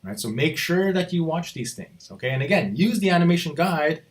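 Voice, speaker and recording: A man's voice: a little high, expressive, fairly quick. Casual man walking students through a course site. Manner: casual, repeats "right?" after points. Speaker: college instructor. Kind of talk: recorded screen-walkthrough lecture.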